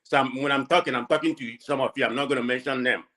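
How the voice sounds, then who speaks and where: Indignant Nigerian man, bright tense voice. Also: fast talker. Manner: indignant, ranting, swings from low and calm to loud outbursts. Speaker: live stream caller. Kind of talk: impassioned live audio commentary.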